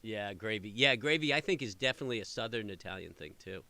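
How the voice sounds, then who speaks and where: A middle-aged man chatting casually with viewers, telling rambling, animated stories full of fillers. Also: lowish voice, quick pace, dry recording. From New York area. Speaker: trading channel host. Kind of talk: casual chat answering live viewers.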